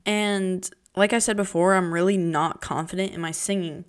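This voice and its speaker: Young woman podcaster, slightly low voice, chatty and dramatic, casual monologue. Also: steady tone, moderate pace, smooth. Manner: chatty, dramatic, jumps between pitches and whispers. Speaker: podcast host. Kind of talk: casual chat.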